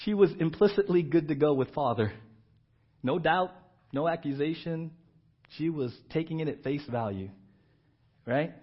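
A male pastor preaching a sermon, moving between loud emphatic repeats and hushed asides. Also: fairly high pitch, normal speed, long pauses, breathy edge. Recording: dull lo-fi church recording.

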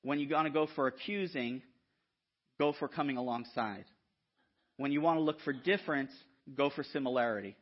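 A man preaching a sermon in an animated, conversational way, often checking in with the listeners. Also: mid-range voice. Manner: animated, conversational, frequent "right?" asides. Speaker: guest preacher. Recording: dull lo-fi sound.

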